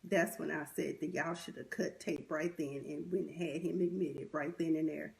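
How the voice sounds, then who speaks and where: A woman's voice: low voice, steady tone, moderate pace, gravelly. A young woman giving a blunt, sassy, exasperated commentary recap, full of slang and asides, recorded on a livestream mic. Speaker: commentary vlogger. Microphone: webcam or phone mic from a livestream.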